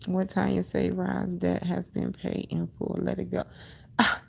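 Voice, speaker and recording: A woman's voice: fairly low pitch, level tone, unhurried, gravelly, a little mellow, slightly rough. A middle-aged woman hosting a casual livestream, talking emphatically and with sass, repeating her points and answering viewer comments. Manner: emphatic, preachy, sassy, repeats herself. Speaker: livestream host.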